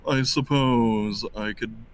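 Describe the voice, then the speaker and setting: A boastful, name-dropping adventurer who knows his gems, as a man plays him at the table. He talks slowly, at an ordinary middle pitch, and sounds pleased with himself. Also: fairly even intonation, smooth, lightly acted. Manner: self-important, name-dropping. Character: boastful male gem-appraising adventurer.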